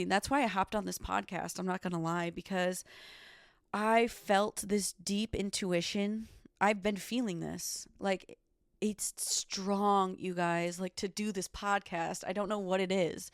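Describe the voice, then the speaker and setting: Solo woman podcaster: gravelly, fry-heavy voice, casual and profane, dry close sound. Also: medium pitch, no echo. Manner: emphatic, swears often, leans on "like" and "okay". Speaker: podcast host. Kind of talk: candid solo podcast chat.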